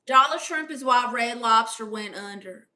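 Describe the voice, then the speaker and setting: A woman's voice: a little high, normal speed, pushed and bright. A woman doing a comedic livestream in character, brash and playfully boastful as she reads out chat messages.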